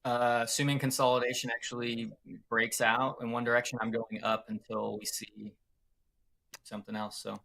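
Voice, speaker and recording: A man appearing as a guest trader, chatting in a laid-back, measured way. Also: medium pitch, little pitch movement, gravelly, a bit bright, rough recording. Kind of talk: casual chat.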